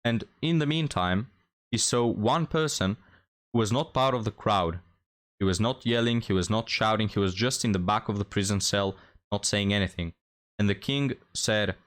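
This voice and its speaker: Low-voiced man lecturing his viewers. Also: normal speed, a bit bright. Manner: lecturing, tells a moral story. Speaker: commentary host. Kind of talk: reaction commentary.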